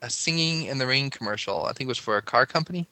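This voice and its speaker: A man's voice: medium pitch, expressive, fast, sharp tone, dry recording. A man co-hosting a podcast in casual chat, rambling and laughing as he talks. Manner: chatty, rambling, laughs often. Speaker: podcast co-host.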